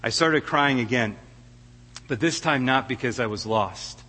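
A man's voice: mid-range voice, measured pace, sharp tone, breathy edge, in a large hall. A middle-aged man preaching a heartfelt sermon as a guest preacher, often stammering and restarting his words. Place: church sanctuary.

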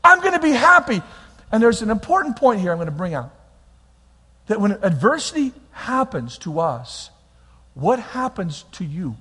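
A man preaching a lively sermon as pastor, swinging between quiet reflection and loud exhortation. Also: high-pitched, moderate pace, breathy edge. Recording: long hall reverb.

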